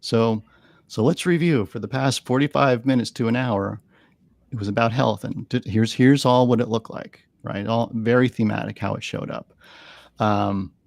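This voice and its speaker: Gravelly and a little mellow, this man's mid-range voice holds fairly even intonation at a moderate pace in a dry recording. He's an animal communicator guest in a podcast studio, earnestly telling stories and repeating words as he gathers his thoughts.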